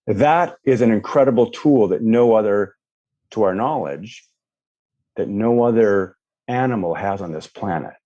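A man's voice: fairly low pitch, measured pace, lo-fi sound. A man coaching a guest, leading a visualization and acting out people's reactions as he explains. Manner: animated, acts out quoted reactions. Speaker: life coach. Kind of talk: guided visualization and coaching talk.

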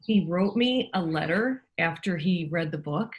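A middle-aged woman, a podcast guest, telling personal stories in a casual, animated way and acting out the voices she quotes. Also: fairly low pitch, a little slow, muffled recording, a little hiss or hum. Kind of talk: casual storytelling.

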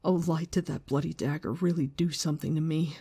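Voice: mid-range voice, fairly even intonation, brisk, dark tone, husky. A book reader voicing a rattled, superstitious young male gambler who mutters uneasily. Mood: uneasy.

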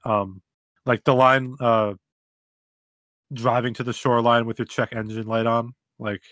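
A man's voice: medium pitch, flat delivery, a little slow, fairly bright tone, no echo. A man co-hosting a casual music review chat, speaking in an easygoing, chill way with many likes. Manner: easygoing, chill, says like often. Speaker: music podcast co-host.

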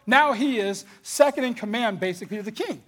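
A man tells a Bible story in an animated, conversational way, with slang thrown in. His voice sits high and has a husky edge. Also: a little fast. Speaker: Bible teacher.

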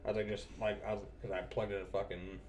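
A man's voice: fairly low pitch, little pitch movement, darkish tone, a little hiss or hum. A man casually telling an anecdote about a customer call from his job as a technician. He swears constantly, sounds exasperated and laughs easily. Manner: profane, exasperated, quick to laugh. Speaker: cable technician telling a work story.

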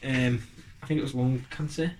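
A man's voice: mid-range voice, steady tone, moderate pace, darkish tone, slight background noise. A man chatting on a podcast, rambling and joking with lots of fillers and restarts. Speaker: podcast co-host. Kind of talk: casual chat.

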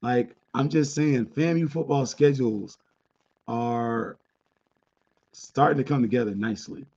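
Casual podcast host, male, dark husky voice, blunt and chatty, dull lo-fi mic. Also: medium pitch, measured pace. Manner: candid, chatty, blunt opinions with asides. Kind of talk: casual sports podcast monologue.

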